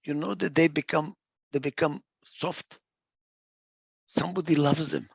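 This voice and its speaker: A man with a somewhat high, gravelly voice delivers a reflective talk, close and dry with no room sound. He hammers ideas home by repeating short phrases. Now and then he gropes for a word and restarts the sentence. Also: fairly even intonation, unhurried, dry recording. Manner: emphatic, repeats key phrases for stress; gets lost for a word and restarts. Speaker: speaker.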